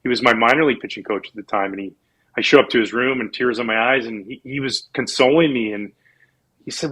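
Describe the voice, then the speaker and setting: Ex-pro athlete guest, 40s, husky, animated storyteller. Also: male voice, mid-range voice, fast talker, poor audio. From Canada. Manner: animated storyteller, acts out quoted people. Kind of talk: casual storytelling interview.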